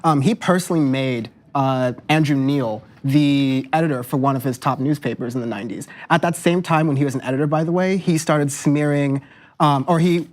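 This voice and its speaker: Male panelist, brisk factual briefing. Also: a little high. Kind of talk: political commentary panel.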